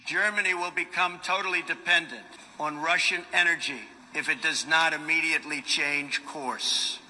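A man's voice: on the high side, sharp tone, a little hiss or hum. Man speaking formally in a reverberant hall. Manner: measured, declarative. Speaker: speaker at an assembly. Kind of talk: formal prepared speech. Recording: reverberant hall with faint ambience.

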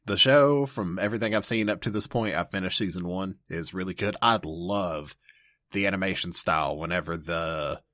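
A man's voice: sits low, moderate pace, bright, forceful tone, no room sound, studio quality. An enthusiastic man co-hosting a casual anime podcast, playful and laughing often. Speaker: podcast co-host.

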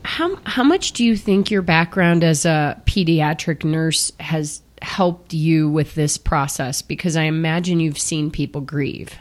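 A woman hosting an interview, asking gentle, probing questions. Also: deep voice, measured pace, few pauses. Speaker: interviewer, host.

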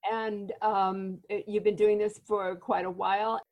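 A woman's voice: medium pitch, level tone, unhurried, a little mellow. A woman hosting a podcast interview, asking questions in an encouraging, affirming way. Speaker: podcast host. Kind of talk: interview chat.

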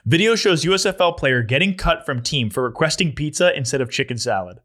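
A young man hosts a podcast in loose, casual chat. His voice is bright and forceful, and he often breaks into laughter while he rambles through a story. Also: a little high, expressive, fairly quick. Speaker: podcast host.

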